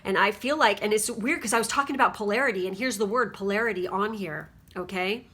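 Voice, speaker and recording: A woman's voice: medium pitch, quick pace, pushed and bright, husky. A woman giving a casual spiritual card reading at home, rambling and chatty and often checking in with her listeners. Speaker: tarot card reader.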